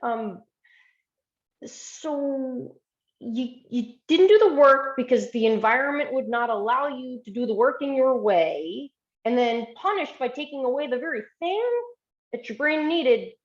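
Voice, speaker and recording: A woman's voice: sits high, lively intonation, unhurried, reverberant, highs cut off. A woman physician giving a storytelling presentation, talking earnestly and with emotion over a video call.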